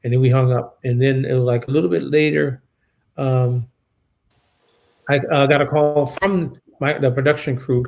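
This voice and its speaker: Brief: male interview guest, gravelly tone, subdued, halting storyteller. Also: medium pitch, fairly even intonation, rough recording. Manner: halting, many restarts and fillers; shaken and subdued. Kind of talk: emotional personal storytelling.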